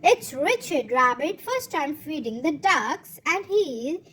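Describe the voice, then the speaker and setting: Very high-pitched child reading aloud. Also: very animated, sharp tone, a little hiss or hum. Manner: halting reading with small slips and restarts; voices the book's sound effects. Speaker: reader. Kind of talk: reading a picture book aloud.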